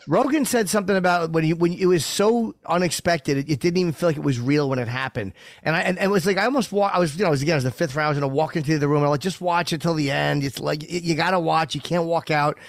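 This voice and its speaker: A man in his fifties who talks quickly in a slightly raised voice, hosting a casual fight chat. The sound is dry and close, with no room around it. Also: on the high side, dry recording. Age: 50s. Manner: questioning, conversational. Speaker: podcast host.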